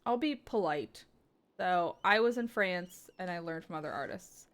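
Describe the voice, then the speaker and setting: A woman's voice: on the low side, lively intonation, moderate pace, a bit bright, pitched below the performer's own voice. A woman voicing a proud, defiant young male artist with curt, sarcastic retorts. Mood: resentful.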